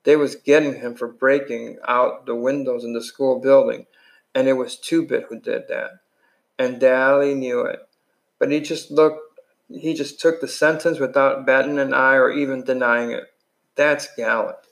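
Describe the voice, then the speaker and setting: Man reading a frightened teen boy on the run, guilt-ridden, plain mid-pitched voice, storybook read-aloud. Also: fairly even intonation, moderate pace, creaky, lightly acted. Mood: earnest.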